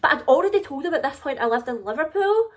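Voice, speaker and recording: A woman's voice: high-pitched, lively intonation, fast. Chatty young Scottish woman telling a story. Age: 20s. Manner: chatty, confiding, filler-heavy, with lots of "like". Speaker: vlogger. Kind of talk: casual storytime vlog.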